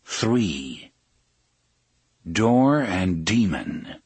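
Husky breathy guy reading a novel aloud, dry close sound, steady pace. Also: lowish voice, dry recording. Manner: measured, steady storytelling. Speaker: audiobook narrator. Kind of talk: scripted narration.

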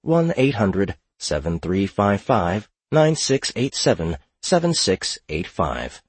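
A man narrating a fantasy audiobook in a measured, matter-of-fact way. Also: fairly low pitch, big pitch swings, husky, no room sound. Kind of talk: scripted fiction narration.

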